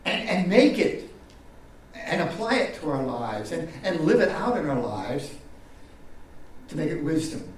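A pastor preaches a sermon in a voice a touch higher than most men's, rising loud and falling soft again and again, often repeating his words. He is picked up from a distance, so the sound is heavily echoey. A faint room hum sits behind him. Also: sing-song, measured pace, long pauses. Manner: preaching with wide swings in pitch and loudness, repeating words. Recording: echoey hall from far off.

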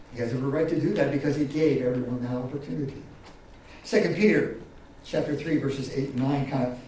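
A man's voice: far from the mic, slight background noise. Man preaching in an echoey hall. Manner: preaching with wide swings in pitch and loudness, repeating words. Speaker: pastor. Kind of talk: sermon.

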